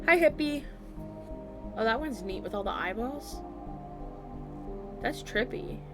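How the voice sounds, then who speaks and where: A woman's voice: medium pitch, animated, unhurried, over loud music. A woman casually commenting as she plays a story game. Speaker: gamer playing a story game. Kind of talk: let's play commentary.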